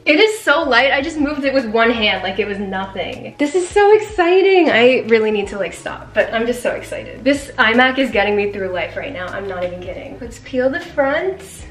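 A woman's voice: a little high, animated, normal speed, few pauses, fairly bright tone, reverberant, faint music behind. A young woman chatting in a casual unboxing vlog, bubbly and giggly with lots of fillers. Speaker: vlogger. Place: home room with a desk.

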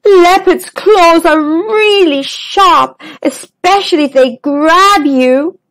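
A woman voicing a nervous young female zebra who talks anxiously and squeakily. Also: expressive, very slow, darkish tone, no echo, exaggerated voice. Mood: whimpering.

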